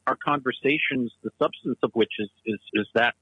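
A man's voice: medium pitch, moderate pace, breathy edge, no echo, lo-fi sound. A man co-hosting a casual talk show, speaking in an analytical, discursive way. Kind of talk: casual chat.

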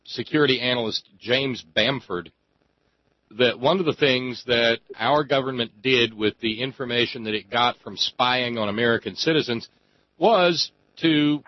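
A man hosting a call-in radio show, leaning on key words and stretching them out between fillers. His voice sits in the middle of the male range. The studio sound is dry and a little dull, with no room echo. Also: medium pitch. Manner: emphatic, drawn-out phrasing with many fillers. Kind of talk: talk radio monologue and call-in chat.

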